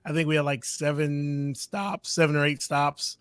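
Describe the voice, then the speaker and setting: A man on a casual podcast, telling stories in a relaxed way with small chuckles. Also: on the high side, moderate pace, clear, resonant tone, no echo. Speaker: podcast co-host. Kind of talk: casual chat.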